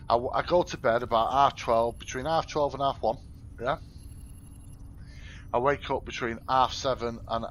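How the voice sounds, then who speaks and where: A man's voice: medium pitch, a bit bright, a little hiss or hum. A middle-aged man live streaming, chatting casually to his viewers, rambling and correcting himself as he goes. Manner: rambling, talks to chat, frequent self-corrections. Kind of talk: casual chat while gaming.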